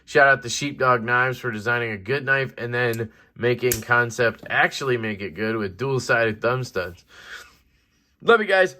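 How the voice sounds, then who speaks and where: A young man casually reviewing a knife in a rambling, excited vlog, swearing now and then. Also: medium pitch, normal speed, slight background noise.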